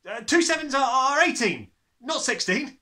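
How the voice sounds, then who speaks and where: A man's voice: extremely high pitch, expressive, moderate pace, pushed and bright, voice pushed up, exaggerated voice. A man voicing a small, frightened schoolboy in a storybook, stammering in panic. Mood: panicked.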